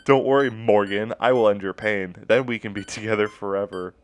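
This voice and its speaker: A man voicing a clingy, possessive female creature pet who pleads in an unhinged way with drawn-out pauses. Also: lowish voice, steady tone, smooth, close to an everyday voice. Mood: sinister.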